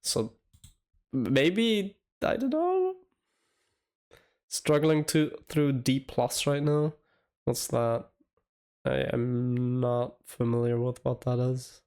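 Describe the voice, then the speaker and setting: A young man in his twenties chatting casually on a live stream, halting and rambling with stammered restarts. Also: mid-range voice, little pitch movement, dark tone, clean tone.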